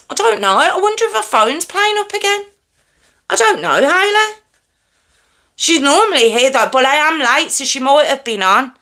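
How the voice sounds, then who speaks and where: A chatty woman hosting a casual true crime livestream, talking straight to her viewers. Her voice is bright and sits a little high, and her chest sounds a touch wheezy. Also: very animated, unhurried, long pauses. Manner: chatty, greets viewers by name, self-described loud and hyped.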